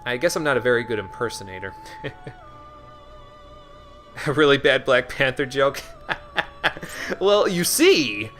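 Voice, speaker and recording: A man gives casual commentary while streaming a game, answering chat and laughing at himself. His voice is bright and his pitch moves a lot. Faint game music runs underneath. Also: lively intonation, normal speed. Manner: chatty, answers chat, self-deprecating with restarts.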